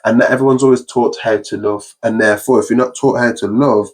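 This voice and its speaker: A man's voice: mid-range voice, steady tone, quick pace. A young man hosting a podcast, talking earnestly and upbeat in casual conversation, often running through long lists. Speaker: podcast host.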